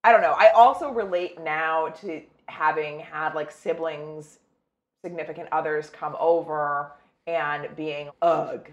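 A woman's voice: deep voice, fairly even intonation, measured pace, muffled recording. A woman co-hosting a casual film chat, candid and blunt, swearing casually. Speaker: podcast co-host. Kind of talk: casual chat about films.

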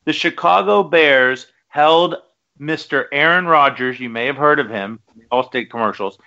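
Male betting guest, bright and forceful, ranting, lo-fi line. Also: fairly high pitch, measured pace, vocal fry. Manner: emphatic, ranting, joking. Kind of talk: casual sports betting talk.

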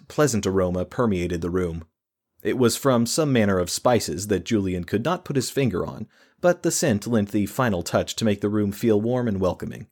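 A male audiobook narrator with a very low, deep voice. He reads the story in a steady, even, scripted manner. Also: slightly rough.

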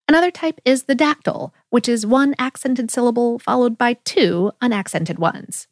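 A woman hosting a podcast, reading a scripted explainer in a clear, measured way with occasional fillers. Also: on the high side, no echo, studio quality. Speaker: podcast host.

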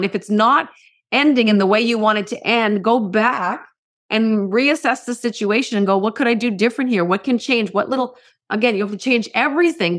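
A middle-aged woman, a motivational speaker and podcast guest, telling a story in relaxed conversation and acting out the quoted dialogue. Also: medium pitch. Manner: animated, acts out quoted dialogue.

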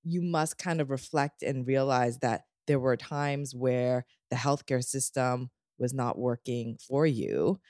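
A man's voice: medium pitch, darkish tone, dry recording, clean studio sound. A man co-hosting a podcast interview, summing up what the guest said and asking thoughtful follow-up questions. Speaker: podcast co-host. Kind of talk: interview host.

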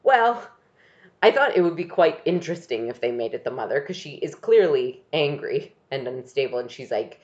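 Podcast co-host, animated recap chatter, wide lively pitch, lo-fi mic. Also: normal speed. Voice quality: animated, laughing, hums music cues. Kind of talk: casual recap chat.

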